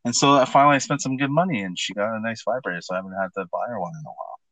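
A man's voice: on the low side, very fast, dry recording. A man co-hosting a podcast in casual chat, crude and joking as he tells stories. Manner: crude, joking, lively storyteller. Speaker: podcast co-host.

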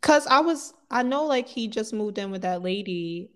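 A woman's voice: medium pitch, animated, normal speed. Hesitant woman podcast co-host. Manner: hesitant, trailing off with "I don't know". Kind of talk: casual chat.

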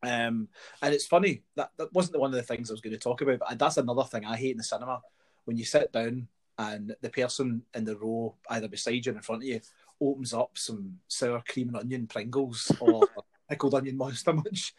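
A man's voice: medium pitch, slightly rough. Sweary man in his forties. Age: 40s. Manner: animated, sweary ranting with laughter. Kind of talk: casual chat.

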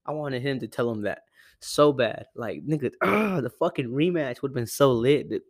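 A man's voice: medium pitch, animated, moderate pace, no room sound, clean studio sound. A young man from Arizona rambling through a casual, profane sports rant at home, often correcting himself. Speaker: sports podcaster. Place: home room with a cat. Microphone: close desk mic.

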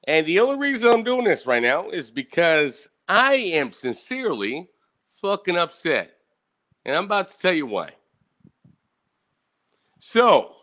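The speaker is a man whose voice is on the high side and a bit bright, hosting an angry, profane livestream from an indoor room with bright light and a fan. He swears constantly and follows each point with "right?"

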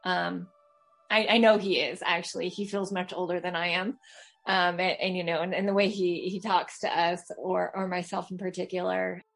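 A woman's voice: lowish voice, flat delivery, moderate pace, vocal fry, fairly bright tone. A woman in her thirties from Los Angeles, telling a personal story in a chatty way, full of fillers and restarts. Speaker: caller telling a true ghost story. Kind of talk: casual storytelling.

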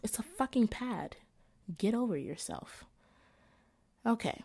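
A young woman, a college student reading through her notes in an animated, profane, exasperated rant. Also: fairly high pitch, takes it slowly, gravelly, slightly rough. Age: young adult.

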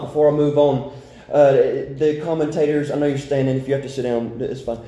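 A man preaching a sermon, fervent and a little out of breath, reading scripture slowly. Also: mid-range voice, level tone, warm tone. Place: church sanctuary. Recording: echoey church with congregation.

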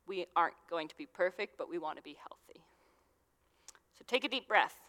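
A young woman serving as a youth minister delivers a casual sermon, chatting with the youth group as if they were friends and using lots of fillers. Her voice is lowish and she talks a little fast, with a long hall reverb trailing behind her words.

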